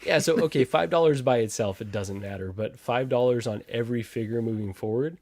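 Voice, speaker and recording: A man's voice: mid-range voice, brisk, darkish tone, no room sound. A man hosting a casual livestream chat, reading out viewer comments and trading sarcastic jabs with a laugh. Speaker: podcast host reading live chat.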